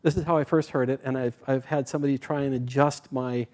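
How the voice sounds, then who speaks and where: A man giving a sermon, telling a spiritual parable in a gentle storytelling manner, his phrase endings trailing off softly. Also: medium pitch, steady tone, fast. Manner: voices the characters in dialogue. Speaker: speaker at a spiritual community.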